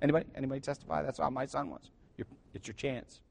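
A middle-aged man preaching a sermon as pastor, joking and shifting between loud emphasis and quiet asides. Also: medium pitch, rapid-fire, gravelly.

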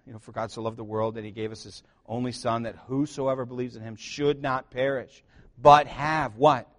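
A man preaching to his church, animated and joking, calling out to the congregation for responses. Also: medium pitch, moderate pace. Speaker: pastor. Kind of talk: sermon. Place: church sanctuary.

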